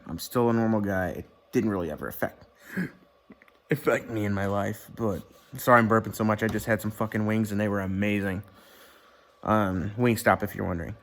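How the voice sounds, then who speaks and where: A man talking casually to his camera at home, rambling with lots of fillers and restarts and plenty of swearing. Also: on the low side. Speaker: vlogger. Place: indoor room at home. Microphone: webcam or computer mic.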